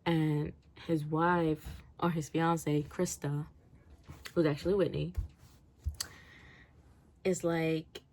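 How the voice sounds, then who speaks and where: A woman's voice: deep voice, flat delivery, slow pace, long pauses, a little mellow. A woman giving a casual, rambling rant review, swearing freely and laughing often. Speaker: book reviewer.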